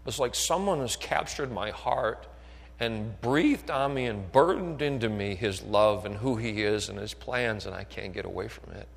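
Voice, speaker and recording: Delivered in a gravelly, fairly low voice at normal speed, this animated sermon rises from quiet talk to shouted fervor. The preacher keeps checking whether his listeners are still with him, and a hall's long echo fills the recording.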